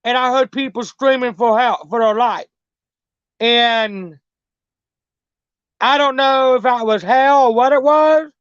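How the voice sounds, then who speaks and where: A woman's voice: on the high side, takes it slowly, pauses often. A middle-aged woman rambles through a story as an interview guest, circling back to the same phrases and swearing freely. Her voice comes through a muffled, lo-fi recording with a dry, close sound and no room echo. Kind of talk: casual storytelling.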